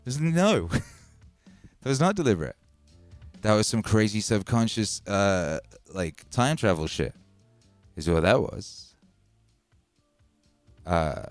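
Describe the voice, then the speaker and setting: Low-voiced man chatting on a livestream. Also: no echo. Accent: English Midlands with a Welsh tinge. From Wales. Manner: animated, swears freely, repeats himself for emphasis. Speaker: music producer hosting a livestream. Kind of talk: casual livestream chat.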